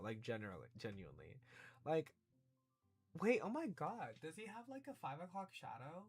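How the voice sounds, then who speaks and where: A male streamer chatting casually over a game, rambling and swearing freely. His pitch jumps around in lively swings, and he often puts himself down. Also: normal speed, breathy edge. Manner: rambling, swearing, self-deprecating.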